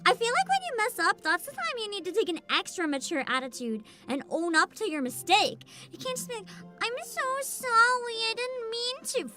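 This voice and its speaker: A young woman VTuber chatting on her livestream, her voice very high and bright with a lot of bounce in the pitch. She laughs often, swears freely and rattles off chat names as they come in, while faint game music plays underneath. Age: 20s. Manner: reads out and greets chat names. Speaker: VTuber streamer.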